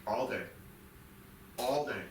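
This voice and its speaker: A man in his fifties, a military veteran and podcast guest, telling a raw personal story. He is intense and profane, moving between low murmurs and loud outbursts. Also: slow pace. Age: 50s. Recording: roomy sound from a distance, faint background hum.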